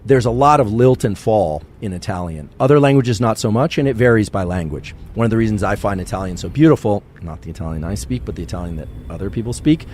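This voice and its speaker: A male scientist giving a calm, measured science podcast lecture. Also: lowish voice, slight background noise.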